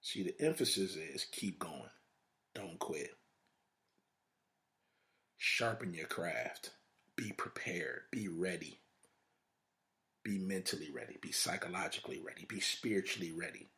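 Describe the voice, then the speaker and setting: A man's voice: deep voice, lively intonation, measured pace, pauses often, bright, forceful tone. A man hosting a podcast, giving a motivational talk in a preacher-like way, with long repeated lists and rhetorical questions. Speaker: podcast host.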